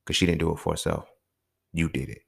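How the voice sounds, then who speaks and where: With an extremely low, steady, gravelly voice edged with breath, this podcast host talks fast through an unscripted solo monologue. His blunt, profane talk frequently swells into emphatic rants as he keeps checking in with his listener.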